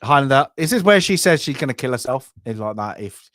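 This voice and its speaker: A man co-hosting a film review podcast in casual chat, rambling and trailing off, then breaking into loud shouted impressions. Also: medium pitch, sing-song, fairly quick, dry recording, clean studio sound. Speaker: podcast co-host.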